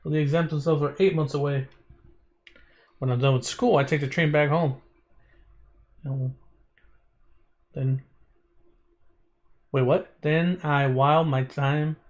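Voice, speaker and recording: A man's voice: on the high side, fairly even intonation, a little slow, pauses often. A man streaming a visual novel, reading the text aloud in a casual way, stumbling over words and breaking off into chatty asides.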